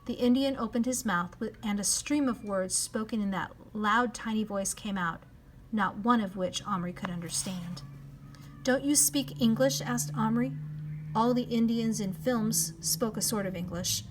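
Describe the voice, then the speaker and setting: A woman narrating a children's novel in a measured storytelling voice, dropping to a hush at times. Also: medium pitch, slight background noise. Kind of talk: reading a children's novel aloud.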